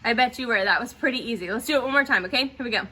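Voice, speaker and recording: Rapid-fire and forceful, her high-leaning, bright voice has a slightly rough edge. She's a woman coaching theatre students through breathing exercises, offering encouragement and frequent "okay?" check-ins.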